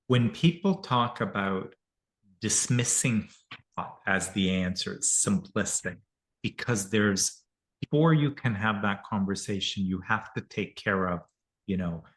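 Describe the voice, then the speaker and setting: A man's voice: lowish voice, fairly bright tone. A man hosting a conversation who earnestly explains ideas. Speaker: podcast host. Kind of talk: reflective conversation.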